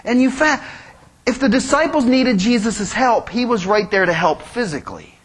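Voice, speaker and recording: A man preaching to his congregation in a high, husky voice. His pitch swings widely as he acts out quoted voices and slips in joking asides. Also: expressive, moderate pace. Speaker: pastor. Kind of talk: sermon.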